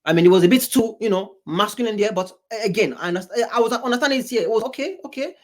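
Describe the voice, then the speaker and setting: A man's voice: sits high, fast talker. Man, from Africa, reaction commentary, rambling, repetitive, exasperated asides. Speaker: commentator reacting to a debate show.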